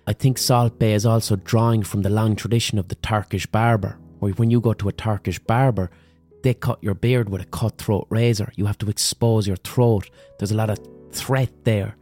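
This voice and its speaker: A man hosting a podcast, delivering a comic hot-take monologue in a wry, deadpan storytelling manner. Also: lowish voice, moderate pace, faint music behind. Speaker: podcast host.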